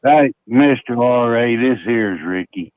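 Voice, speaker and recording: A man's voice: medium pitch, measured pace, crowd noise. Male caller, folksy drawl, heard through a phone line. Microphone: phone call.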